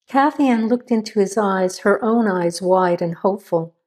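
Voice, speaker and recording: A woman reading a suspense story aloud with steady, measured narration. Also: mid-range voice. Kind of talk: scripted narration.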